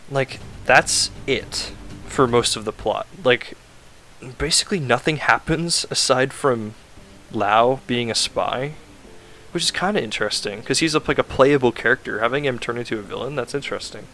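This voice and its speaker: A man's voice: mid-range voice, normal speed, sharp tone. A man casually rambling through a recap of a video game plot, full of "like" fillers and self-corrections.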